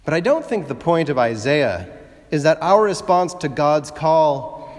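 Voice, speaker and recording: A man preaching a sermon in a conversational, gently humorous way, asking his listeners rhetorical questions. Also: a little high, big pitch swings, unhurried, long reverb tail.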